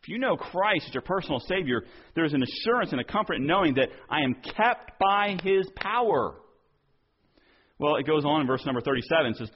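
A male pastor preaching a sermon earnestly, acting out quoted dialogue and dropping softer on key points. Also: a little high, expressive, brisk, lo-fi sound, slight background noise.

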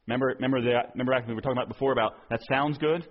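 A male pastor preaching a sermon earnestly, acting out quoted dialogue and dropping softer on key points. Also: medium pitch, fairly even intonation, racing, narrow, tinny audio.

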